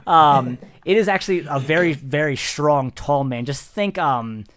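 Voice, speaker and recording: A game master narrating a tabletop game in a giggly, rambling, animated way. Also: medium pitch, measured pace.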